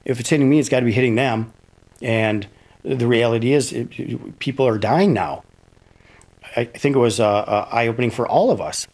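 A middle-aged man from Minnesota, a high school science teacher, recalling events in an interview with halting restarts and fillers. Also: a little mellow. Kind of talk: interview recollection.

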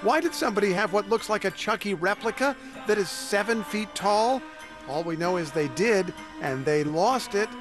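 Wry high-voiced radio host over music. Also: male voice, lively intonation, normal speed. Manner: wry, playful delivery. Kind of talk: light news item.

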